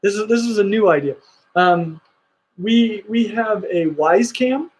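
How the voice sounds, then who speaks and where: A man's voice: high voice, lively intonation, a little slow, breathy edge, poor audio. An enthusiastic man hosting a casual livestream chat, talking in rambling bursts with restarts. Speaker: host.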